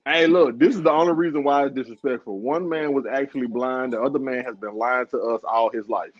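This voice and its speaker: A man's voice: medium pitch, a little fast, dry recording. A man in his early thirties bantering boisterously in a casual watch-along chat with friends. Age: early 30s. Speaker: podcast co-host. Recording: dull dry sound.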